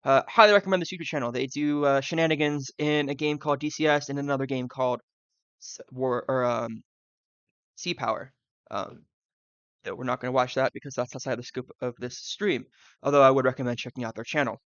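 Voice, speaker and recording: A man's voice: mid-range voice, steady tone, fairly quick, fairly bright tone, clear, resonant tone, dry recording, dull audio. A man from the Southern US, streaming live and thinking aloud, rambling with fillers and side tangents.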